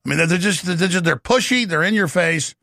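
Gravelly forceful middle-aged man ranting. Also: sits high, fairly quick, no room sound, studio quality. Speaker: talk show host. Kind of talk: impassioned talk radio monologue.

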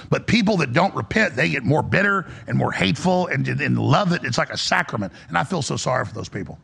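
A radio talk show host, animated and fast-talking, preaches a passionate monologue. His gravelly, husky voice has a fairly bright tone and swings between high and low.

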